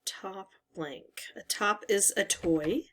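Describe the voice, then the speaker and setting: Slow, musing woman thinking aloud. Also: medium pitch. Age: adult parent. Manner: musing, hesitant, pauses with "um". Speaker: word-game channel host. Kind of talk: thinking-aloud puzzle talkthrough.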